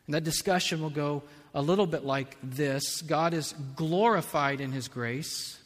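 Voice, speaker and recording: A man preaches in a slow, deliberate way, his voice sitting a little high for a man. He speaks as a pastor giving a sermon. The sound rings out with the long reverb of a big church hall. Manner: slow and measured, rising to loud impassioned preaching.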